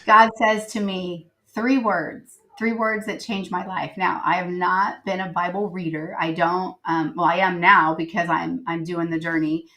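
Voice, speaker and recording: A woman's voice: on the low side, steady tone, a little slow, hardly any pauses, pushed and bright, rough recording. A woman guest on a podcast, telling a personal story earnestly and reflectively, with many fillers. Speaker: guest, writer and editor.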